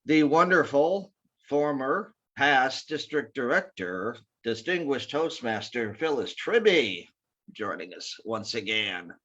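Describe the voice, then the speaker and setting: A man's voice: mid-range voice, big pitch swings, slow, a bit bright. A man co-hosting an online show, chatting casually with a joking, self-deprecating, rambling manner. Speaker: co-host and club growth director. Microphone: video call. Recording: dull lo-fi video call audio.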